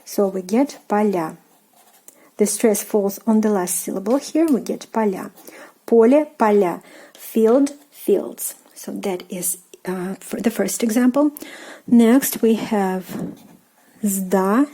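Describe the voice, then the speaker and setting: A woman with a Russian accent gives an online language lesson in a mellow, relaxed voice. She explains off the cuff with plenty of fillers and repeats each word slowly for practice. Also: medium pitch. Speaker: language teacher.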